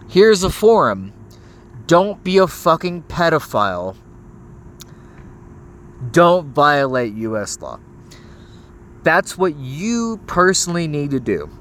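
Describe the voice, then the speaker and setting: Slight background noise sits under this young man's fairly high, bright voice. It's a profane, rambling voice message in which he scolds someone, stammering and restarting sentences when he gets heated.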